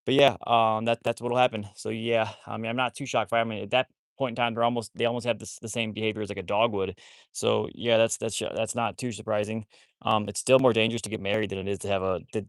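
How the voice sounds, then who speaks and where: A quick, rambling man, chatting to his livestream viewers and often restarting and repeating himself. His voice sits fairly low, and the phone recording is dry and close. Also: flat delivery, no echo. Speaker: wolfdog rescue livestreamer. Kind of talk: casual livestream chat.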